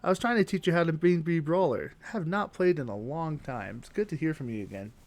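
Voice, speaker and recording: A young adult man streams a game live, his voice on the high side and brisk. He chats with viewers and thinks aloud as he plays and reads chat, giving live gameplay commentary.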